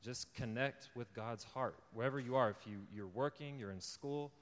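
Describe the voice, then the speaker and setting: A man's voice: mid-range voice, moderate pace. A young man giving an informal sermon testimony to a live audience. He tells his story conversationally, laughs often, and builds to fervent encouragement. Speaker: lay preacher giving a testimony. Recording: long hall reverb.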